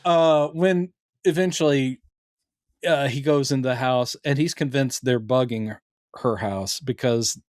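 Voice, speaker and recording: A man with a mid-range voice speaks unhurriedly in a clean studio recording with no room sound. He co-hosts a podcast, casually walking through a TV episode in an animated way and often acting out characters' lines in quotes.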